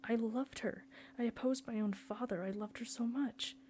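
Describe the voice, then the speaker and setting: A woman's voice: a little high, fairly even intonation, normal speed, a little mellow, a little hiss or hum, natural voice. A woman reading the part of a bewildered, anguished middle-aged father who pleads and defends himself. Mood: pleading.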